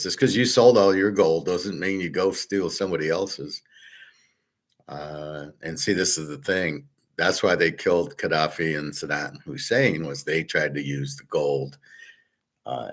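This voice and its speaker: A man hosting his own commentary show, ranting in an indignant, profane monologue. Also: a bass voice. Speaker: host of a betting and gold commentary show. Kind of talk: opinion monologue.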